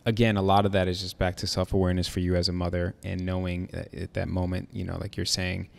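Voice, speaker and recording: Gravelly man hosting a heartfelt podcast. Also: sits low, completely flat delivery, fast talker. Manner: open, emotional storytelling with many fillers. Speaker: podcast host. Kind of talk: casual heartfelt conversation.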